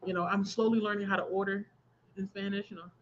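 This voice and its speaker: A woman's voice: mid-range voice, steady tone, fast talker, lo-fi sound, slight background noise. Chatty woman hosting a craft livestream. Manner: chatty, laughs often, reads out viewer comments. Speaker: livestream host. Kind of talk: casual chat while crafting.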